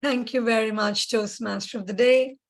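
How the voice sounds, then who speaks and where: A woman giving a measured, gracious evaluation of a speech at a club meeting. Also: fairly high pitch, fairly even intonation.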